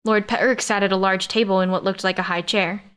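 A woman's voice: medium pitch, steady tone, brisk, a bit bright, clear, resonant tone. Woman narrating a sci-fi audiobook. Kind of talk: scripted first-person narration.

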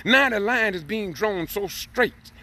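A man's voice: sits high, animated, unhurried, sharp tone, slight background noise. A man preaching fervently and emotionally, repeating phrases as he builds to emphatic peaks. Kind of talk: impassioned preaching.

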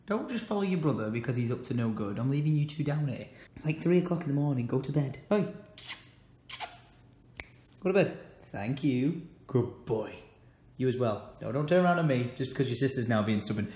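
A young man with an English accent, chatting casually in a vlog, excitable, swearing freely and talking to his pets. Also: mid-range voice, a little fast, breathy edge. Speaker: vlogger.

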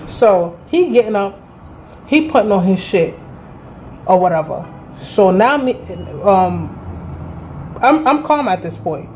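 A thirty-year-old woman tells a casual storytime vlog, blunt and full of profanity. Her voice is mellow and dark-toned, with a soft hum of room ambience faintly behind her. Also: medium pitch, lively intonation, slow pace, long pauses, lo-fi sound. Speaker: vlogger. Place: indoor room by a window.

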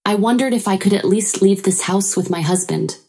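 A woman's voice: mid-range voice, a little fast, dark tone, breathy edge. A woman narrating a first-person story in an earnest, sorrowful way.

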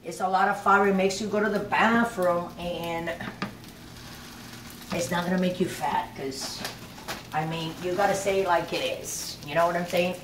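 A woman's voice: fairly low pitch, fairly even intonation, moderate pace, background noise. A middle-aged woman hosting a cooking video in her home kitchen, chatty and rambling, often checking that viewers follow her. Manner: chatty, rambling, keeps asking "you know what I'm saying?". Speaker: cooking show host. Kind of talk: casual cooking demonstration.

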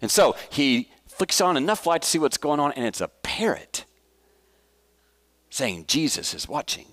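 A man's voice: a little high, sing-song, measured pace, fairly bright tone. A man teaching a church Bible study in a conversational way, asking the congregation questions, enthusiastic, with restarts and fillers. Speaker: pastor.

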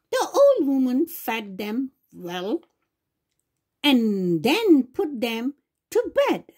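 A woman reading a fairy tale aloud to children in a slow, sing-song way, sometimes correcting herself. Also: sits high, huge pitch swings, darkish tone. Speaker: children's channel storyteller.

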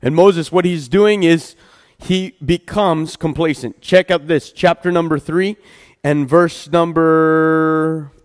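A man's voice: on the high side, steady tone, slow. A man preaching a casual midweek sermon, chatting with the congregation, stumbling over his words and laughing at himself. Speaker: pastor. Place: church hall. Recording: long hall reverb.

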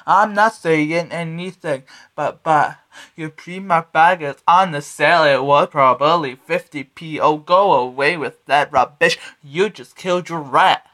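A man's voice: on the high side, a little slow, a bit bright. Sassy young man, sung taunts. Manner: sassy, taunting, repeats lines in stuttering loops. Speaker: singer. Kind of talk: sung pop track with spoken-sung verses.

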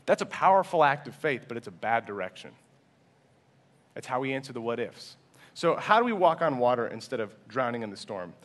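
A man's voice: medium pitch, big pitch swings, a little fast. A man in his twenties preaching a sermon in a church, humble and earnest, often restarting his sentences. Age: 20s. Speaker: pastor.

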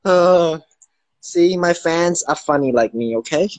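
A man's voice: on the high side, a little slow, no room sound. A man chatting casually with fans on a phone livestream, teasing and joking with the odd swear word. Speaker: livestream host. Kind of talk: casual live-stream chat with fans.

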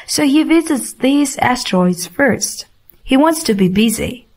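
A woman narrates a simple storybook for English learners, pausing often and speaking very slowly. Her voice sits fairly high and every word is clear and deliberate. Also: animated, a little mellow. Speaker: audiobook reader.

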